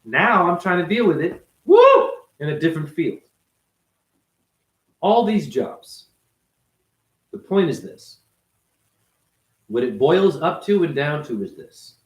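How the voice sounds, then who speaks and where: High-voiced man ranting bluntly. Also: animated, slow pace, long pauses, roomy sound, low-quality recording. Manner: blunt, profane, emphatic. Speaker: vlogger, former ballet dancer. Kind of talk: unscripted monologue rant. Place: his apartment, indoors.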